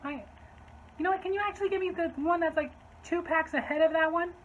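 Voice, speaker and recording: A woman voicing an entitled customer in her thirties who yells demands at store staff. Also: extremely high pitch, fairly even intonation, quick pace, narrow, tinny audio, voice pushed up. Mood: fussy. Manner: demanding, yelling for the manager.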